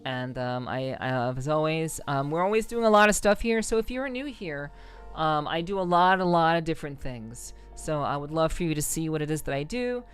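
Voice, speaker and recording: Woman streaming, smooth clear voice, rambles a lot, swears, says um constantly, laughs at chat. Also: low-pitched, expressive, moderate pace, soft background music. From New York City area. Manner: rambling, profane, full of ums and laughs. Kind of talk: casual livestream chat with viewers.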